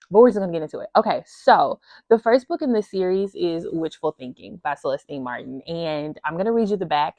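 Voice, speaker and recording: A woman hosts her book channel from her small apartment, chatting expressively and calling her viewers "y'all". Her voice sits on the low side, and the sound is dry and close. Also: a little mellow, no echo. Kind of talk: casual chat to camera.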